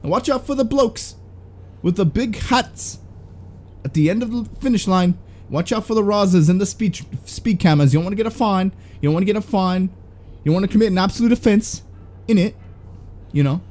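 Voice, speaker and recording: A man's voice: high voice, brisk, a little mellow, voice pushed up, natural voice. A man voicing a brash British street-racing bloke in a put-on British accent, rowdy and jokey. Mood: cheeky boasting.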